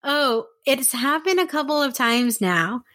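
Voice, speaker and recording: Animated woman host telling stories. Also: measured pace, slight background noise. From San Diego, USA. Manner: animated storyteller, acts out quotes with high excited voices. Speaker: podcast host. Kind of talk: casual chat.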